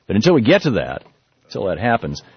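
A man's voice: fairly low pitch, quick pace, breathy edge. A man hosting a political talk radio show, speaking loosely with frequent restarts and fillers. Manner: loose, animated delivery with many restarts and fillers. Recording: muffled lo-fi radio broadcast.

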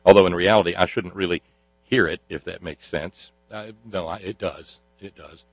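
Man, talk show host, sardonic monologue, lots of uh and restarts, low voice. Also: no room sound. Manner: sardonic, halting with many fillers and restarts.

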